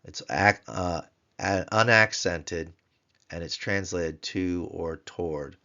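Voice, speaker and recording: Deep-voiced male tutor, patient and repetitive, dull muffled recording. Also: sharp tone. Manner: patient, repeats words slowly for pronunciation drill. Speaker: Biblical Hebrew tutor. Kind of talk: recorded grammar lesson.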